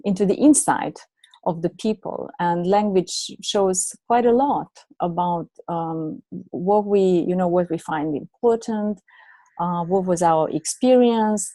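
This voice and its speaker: A woman's voice: lowish voice, unhurried, mellow, no echo. A middle-aged woman, not a native English speaker, telling her story as a guest coach in a reflective way, with many fillers and restarts. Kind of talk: conversational storytelling.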